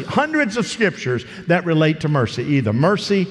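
A man's voice: a little high, lively intonation, moderate pace, few pauses. A male pastor delivering a conversational sermon with a storytelling style, recorded in a church. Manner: conversational preaching, acts out parable voices. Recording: long reverb of a large hall.

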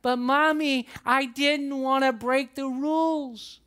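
A woman's voice: sits high, fairly even intonation, takes it slowly, fairly bright tone, voice pushed up. A preacher voicing his earnest four-year-old granddaughter, pleading and serious about rules.

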